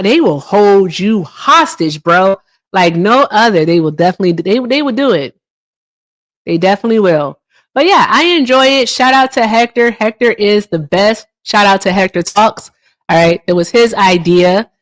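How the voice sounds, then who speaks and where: A woman's voice: lively intonation, moderate pace. Chatty woman hosting a political livestream. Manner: chatty, reads viewer comments aloud, swings into high teasing tones. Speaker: livestream host. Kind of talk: casual political livestream chat.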